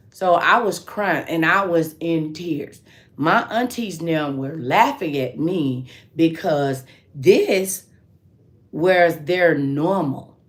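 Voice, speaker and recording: A woman hosting a casual livestream, telling a story in a loose, animated way and answering her viewers with endearments like sweetheart and baby. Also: deep voice. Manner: loose, drawn-out delivery with restarts. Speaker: livestream host.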